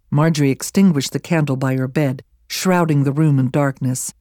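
Audiobook reader, steady and measured, dry close mic, middle pitch. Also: no room sound. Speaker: audiobook narrator. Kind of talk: scripted narration.

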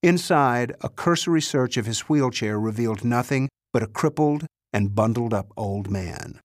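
A middle-aged man reading a political thriller aloud in a measured, even storytelling voice. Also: mid-range voice, no room sound. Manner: measured, dry storytelling with lightly voiced characters. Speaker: audiobook narrator. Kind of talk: scripted narration.

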